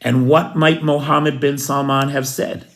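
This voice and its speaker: A man's voice: mid-range voice, little pitch movement, measured pace. A middle-aged American man giving blunt, opinionated news commentary full of rhetorical questions. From United States.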